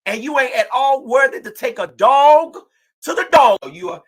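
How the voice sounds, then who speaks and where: A woman hosting an impassioned livestream talk show, preaching and often shouting in outrage. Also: high-pitched, lively intonation, moderate pace, husky. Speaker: host.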